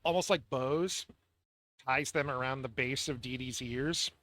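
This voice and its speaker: A man's voice: medium pitch, a little slow, a bit bright, dry recording. A man narrating as game master, rambling and full of fillers.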